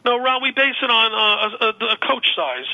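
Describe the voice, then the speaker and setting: A man's voice: extremely high pitch, very animated, normal speed, bright, forceful tone, muffled recording. A man guesting on a radio talk show, describing his tours in a rambling, upbeat way with many restarts. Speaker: guest, paranormal tour organizer. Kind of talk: casual radio interview.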